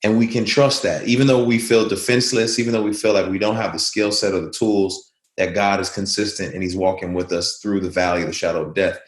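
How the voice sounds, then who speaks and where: A man's voice: sits low, fairly even intonation, a little fast, roomy sound. A man speaking as an interview guest, earnest and reflective, telling stories in a conversational way.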